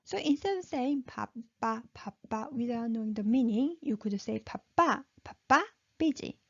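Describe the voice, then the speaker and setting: A woman's voice: a little high, lively intonation, a little fast, gravelly, no echo. A woman teaching a language lesson, who repeats each syllable patiently and keeps checking in with "okay?". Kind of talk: slow spoken lesson with repeated drills. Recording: dull, muffled lo-fi sound.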